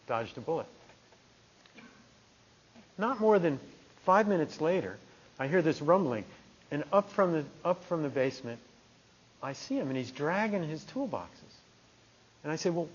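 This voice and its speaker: A man's voice: on the high side, moderate pace, breathy edge. Guy from jersey giving a dharma talk, chatty storytelling, kinda dull lo-fi recording. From New Jersey, USA. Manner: conversational, animated storytelling with restarts. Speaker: meditation teacher.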